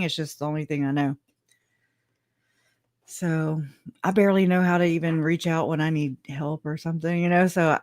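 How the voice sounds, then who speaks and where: A woman's voice: lowish voice, no echo, studio quality. A woman with a country Louisiana accent hosting a live stream, talking in a rambling, chatty way and laughing often. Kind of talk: casual live commentary. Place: home room.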